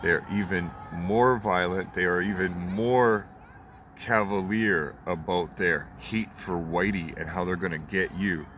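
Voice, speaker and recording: A young man in his twenties vents in a heated, profane rant that circles back on itself. His voice sits a little low, and he is recorded outdoors with clear traffic noise rolling past behind him. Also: unhurried, fairly bright tone. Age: 20s. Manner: heated, repetitive, swears often. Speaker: vlogger.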